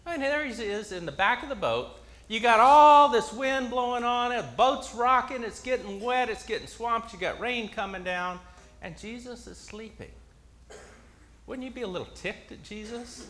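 A man tells a Bible story in church and gets the crowd to act out the storm with him. His voice sits high and bright and leaps all over the place. A faint hum of the room stays behind him. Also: normal speed. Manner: animated, coaxing the audience into sound effects, shouting quoted lines. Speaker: preacher leading a children's message. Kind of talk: interactive Bible storytelling with audience participation.

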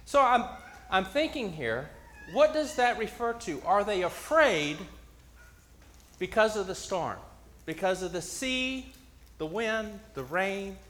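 A man leading an interactive Bible story in church, coaxing his listeners to make sound effects and shouting the quoted lines himself. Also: high-pitched, big pitch swings, slow, pauses often. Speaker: preacher leading a children's message.

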